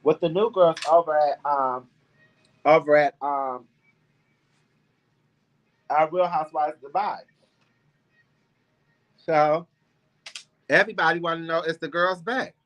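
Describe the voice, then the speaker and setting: A man's voice: on the high side, fairly even intonation, takes it slowly, pauses often, muffled recording. A man hosting a celebrity gossip livestream, chatting sassily with his viewers, calling them girl and honey, rambling with ums and restarts. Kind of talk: casual chat with live viewers.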